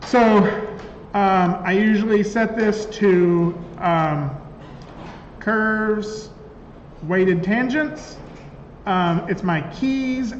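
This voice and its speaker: A high-pitched man teaching a class in a conversational way, often checking with the room. The sound is echoey with a long reverb tail, a dull lo-fi quality and faint room noise. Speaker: instructor. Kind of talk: classroom software lecture.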